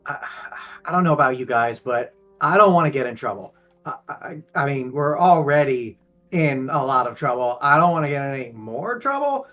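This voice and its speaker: A man's voice: mid-range voice, expressive, normal speed, bright, forceful tone, highs cut off, soft background music. A man playing a tabletop game, talking hesitantly with stammers. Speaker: player. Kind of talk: casual tabletop play.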